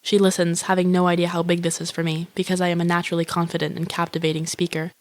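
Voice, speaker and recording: An actress voicing the deadpan, profane inner monologue of a lonely, grandiose young woman who wishes to be eaten by a shark. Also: fairly low pitch, quick pace, no room sound, natural voice. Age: young adult. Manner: flat, profane, self-absorbed musing.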